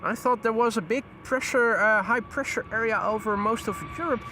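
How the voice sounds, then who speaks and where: High-voiced man spotting planes. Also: moderate pace, very noisy. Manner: chatty, greets viewers, frequent fillers. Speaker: live stream host, plane spotter. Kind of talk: casual live commentary. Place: outdoors near airport runway.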